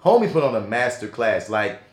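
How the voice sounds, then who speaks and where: Low-voiced man, animated and profane. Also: a little fast. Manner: animated and profane, with slangy emphatic asides. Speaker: podcast co-host reviewing a film. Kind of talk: casual chat. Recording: roomy echo.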